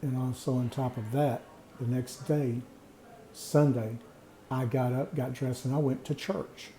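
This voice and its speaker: A middle-aged man telling a personal story in an earnest, reflective, plain-spoken way with pauses. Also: mid-range voice, steady tone, warm tone, a little hiss or hum. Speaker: vlogger sharing personal experience. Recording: echoey room.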